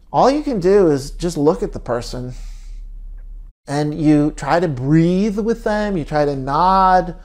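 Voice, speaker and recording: A man speaking as a therapist in a slow, gentle, halting reflective talk with frequent pauses. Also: high voice.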